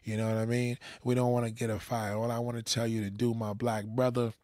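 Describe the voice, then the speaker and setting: A man's voice: medium pitch, little pitch movement, brisk, a little mellow, no echo, clean studio sound. A middle-aged man giving crude dating advice to viewers in a profane, preachy rant, swearing constantly. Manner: preachy, crude, peppered with "goddamn", slips into voices of others.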